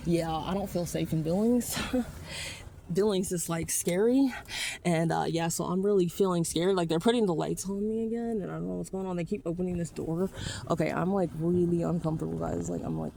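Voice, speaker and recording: Frightened and rambling, a California vlogger swears heavily as she talks into the phone she's holding outside a car wash at night. Her voice is fairly low, gravelly, and darkish, with a little hiss or hum in the recording.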